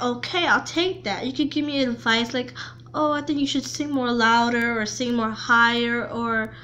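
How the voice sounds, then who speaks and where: A woman vlogger chatting casually to camera, talking haltingly with frequent restarts and repeated words. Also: high-pitched, fairly bright tone, a little hiss or hum.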